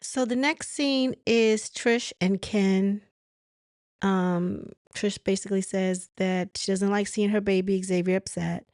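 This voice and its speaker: A woman's voice: mid-range voice, steady tone, slow, a little mellow, no room sound. Woman chatting thru a reality show recap, dry close sound, lots of he said she said. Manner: chatty, retells scenes with frequent "he said, she said". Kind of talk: casual recap commentary.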